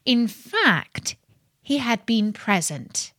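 A woman narrating a fairy tale with expressive storytelling. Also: a little high, extremely slow, no echo, clean studio sound.

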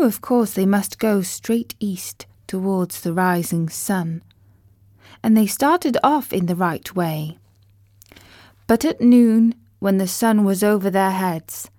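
A woman reading a children's storybook aloud in a measured, gentle way. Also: medium pitch, no room sound, clean studio sound. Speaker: narrator.

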